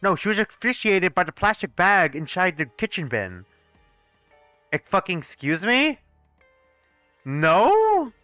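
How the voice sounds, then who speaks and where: Excitable, swearing young man gaming. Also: sits high, a little slow, pauses often, no room sound, faint music behind. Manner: excitable, swearing, mock-outraged. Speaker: let's play gamer voicing a fan game. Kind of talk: live game playthrough with character voices. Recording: dull, dry close-mic sound.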